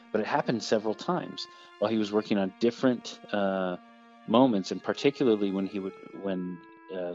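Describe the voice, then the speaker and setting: A man's voice: deep voice, a little mellow, dull audio. A man telling a ghost story about an old theater in a casual, rambling way, with many fillers and restarts.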